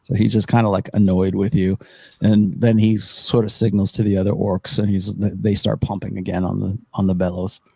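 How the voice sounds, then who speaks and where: A man's voice: on the low side, little pitch movement, moderate pace, vocal fry, a little mellow, breathy edge, no echo. A man narrating as game master of a tabletop game, rambling and thinking aloud as he sets up the map.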